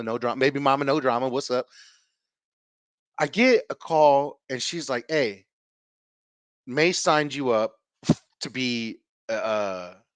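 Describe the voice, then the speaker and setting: A man in his thirties hosting a podcast, telling a rambling, profane story in a casual, animated way, acting out what people said. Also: mid-range voice, no room sound. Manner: animated, profane, swings loud and quiet while acting out quotes. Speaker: podcast host.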